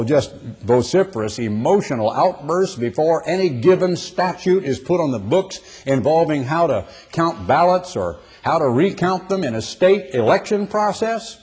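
Impassioned husky older preacher, a man. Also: a little high, a little mellow. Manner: impassioned, swelling emphasis. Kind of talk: sermon.

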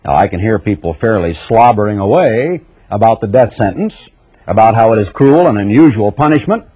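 Male broadcaster, husky, emphatic, rhetorical, preaching-style commentary. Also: fairly low pitch, animated, fairly quick, mellow. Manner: emphatic, rhetorical, building lists to a peak. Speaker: radio broadcaster. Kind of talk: impassioned radio commentary.

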